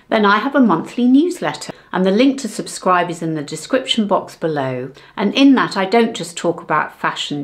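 Middle-aged woman, fashion vlogger, lowish voice, chatty and direct to camera. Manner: chatty, warm and direct to viewers. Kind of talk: casual fashion vlog chat to camera.

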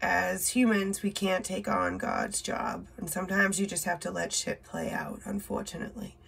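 A woman's voice: fairly low pitch, wildly swooping pitch, moderate pace, creaky, fairly bright tone, husky. A woman doing a casual tarot reading, reading card words aloud in short bursts, blunt and swearing now and then. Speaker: tarot reader.

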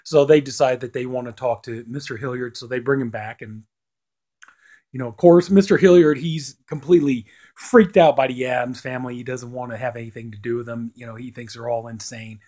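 A man's voice: medium pitch, fairly even intonation, brisk, dark tone. A man giving a casual spoken review of a TV episode, rambling and leaning on "you know" fillers. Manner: acts out lines with a lifted voice.

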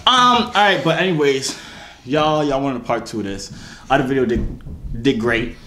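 A man's voice: medium pitch, expressive, normal speed. A young man hosting a prank video, talking in a playful, slangy, coaxing way. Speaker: video host. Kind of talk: casual prank chat. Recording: echoey room with loud noise.

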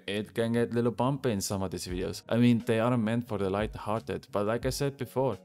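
A man's voice: on the low side, darkish tone. A man doing a comedic, mock-seductive voice-over for his gaming video. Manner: playful mock-seductive teasing.

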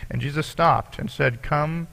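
Gravelly-voiced man preaching a sermon. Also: on the high side, measured pace, fairly bright tone. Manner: earnest preaching, reading scripture aloud with asides. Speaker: pastor.

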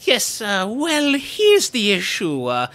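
Brief: man doing a vain, grandiose rich captain, lively swooping higher voice, bright tone, faint game music behind. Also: slow, full character voice. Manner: grandiose, theatrical, self-admiring. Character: pompous boastful rich male sailor-merchant. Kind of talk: reading game dialogue aloud.

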